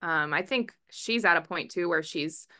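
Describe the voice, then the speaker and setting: A woman softball head coach answering reporters at a press conference, chatty, with many fillers and restarts. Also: on the low side, moderate pace. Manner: calls herself a verbal, loud coach. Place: press room.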